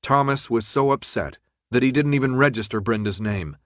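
A man narrating an audiobook in a steady, measured read. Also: medium pitch, dry recording, studio quality. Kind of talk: scripted narration.

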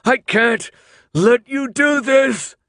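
A man's voice: extremely high pitch, slow, creaky, fairly bright tone, no echo, clean studio sound, voice pushed up, heavily acted. A man voicing a desperate teenage boy who screams frantically. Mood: frantic.

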